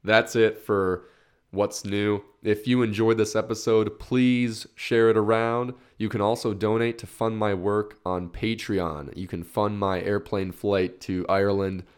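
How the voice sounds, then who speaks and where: Low-voiced guy rambling on his own podcast, cussing and laughing at himself, voice jumps way up when he gets hyped. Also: measured pace, clean tone. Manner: energetic, swears freely, laughs at himself; rambling with restarts, excited rises in pitch. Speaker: podcast host. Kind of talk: casual solo podcast monologue.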